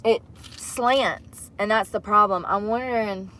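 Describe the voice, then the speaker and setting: A woman's voice: mid-range voice, a little slow, a little hiss or hum. Chatty woman vlogging. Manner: chatty, drops to soft mutters and whispers. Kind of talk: casual vlog talk to camera. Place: inside a vehicle bed at night.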